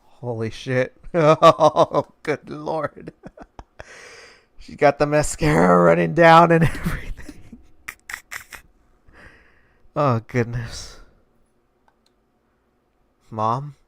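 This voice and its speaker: A man's voice: on the high side, fairly even intonation, extremely slow, gravelly, pauses often, fairly bright tone. Laughing, exclaiming male gamer. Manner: reads narration aloud. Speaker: let's play gamer. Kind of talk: game commentary.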